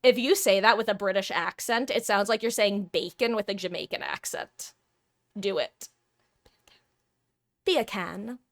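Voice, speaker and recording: A woman's voice: mid-range voice, normal speed, a bit bright. A woman livestreamer chatting casually with her viewers, rambling along with frequent restarts and laughs. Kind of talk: casual chat with stream viewers.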